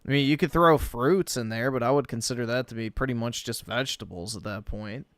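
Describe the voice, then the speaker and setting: Smooth-voiced man giving blunt advice. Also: medium pitch, brisk, fairly bright tone, dry recording, studio quality. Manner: blunt, matter-of-fact advice with swearing. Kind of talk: casual chat.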